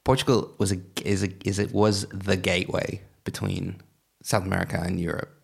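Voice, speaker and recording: A man's voice: low voice, flat delivery, fairly quick, vocal fry, breathy edge. A man co-hosting a casual chat, making dry joking quips. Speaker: co-host.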